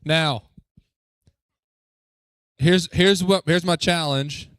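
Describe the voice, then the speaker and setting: A man leading a youth group as its pastor, upbeat and joking, coaxing the crowd with quick questions. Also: fairly high pitch, a bit bright, clear, resonant tone, dry recording, clean studio sound. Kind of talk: lively talk to a youth group. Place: church youth room.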